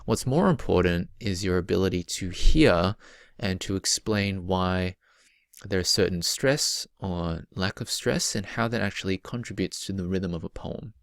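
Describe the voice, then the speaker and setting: Deep-voiced man teaching a lesson. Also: dry recording, studio quality. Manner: explanatory, stretches example words slowly. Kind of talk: recorded poetry lesson.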